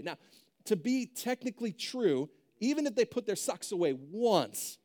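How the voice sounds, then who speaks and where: A man's voice: high voice, big pitch swings, a little slow, darkish tone. A young adult male pastor preaching a sermon in a conversational way, often checking in with "right?".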